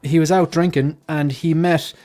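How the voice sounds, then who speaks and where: A man's voice: fairly high pitch, steady tone, normal speed, a little mellow. A man hosting a casual livestream panel chat, telling stories with lots of restarts. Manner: rambling storyteller, many restarts. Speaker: livestream host.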